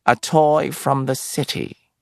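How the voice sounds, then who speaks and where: A man doing a gravelly, suspicious village headman. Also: mid-range voice, steady tone, slow, dry recording, studio quality, voice pushed up. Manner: suspicious, snapping questions. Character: wary, hostile male village headman, gruff.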